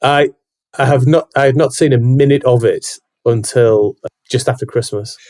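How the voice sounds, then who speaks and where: A man's voice: medium pitch, moderate pace, a little mellow. A man chatting on a podcast in a jokey, self-deprecating way. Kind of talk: casual podcast chat.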